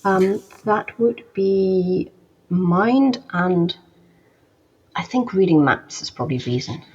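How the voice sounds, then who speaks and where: A woman's voice: fairly low pitch, expressive, takes it slowly, darkish tone, breathy edge. A woman narrating as game master of a tabletop game, hesitant, with many ums and restarts. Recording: dull lo-fi recording.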